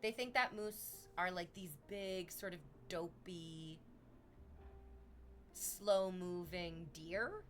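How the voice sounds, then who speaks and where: Her pace is slow, with a little hiss or hum in the audio, as this Canadian woman chats casually with her stream's viewers. She's animated and laughing, and her voice rises to excited shrieks on quoted parts.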